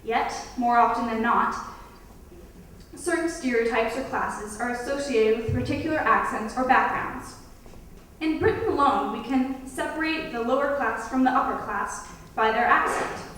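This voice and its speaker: Woman student, emphatic competition speaker with a bright, high voice, heard distantly in a boomy school hall with faint noise behind. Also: normal speed. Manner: emphatic, dipping into mock accents. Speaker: student speech contestant. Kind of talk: prepared competition speech. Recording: echoey hall, voice from far off.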